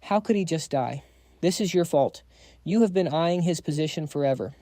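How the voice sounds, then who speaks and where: A man's voice: fairly high pitch, expressive, moderate pace, dark tone, dry recording, studio quality. A man voicing an emotional young woman, a devoted daughter in a recap story. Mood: distraught.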